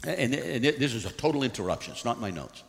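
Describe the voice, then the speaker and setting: A man preaching a sermon and reading scripture aloud, swinging between loud bursts and hushed, earnest moments. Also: medium pitch, very animated, quick pace, gravelly. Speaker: pastor. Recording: long hall reverb.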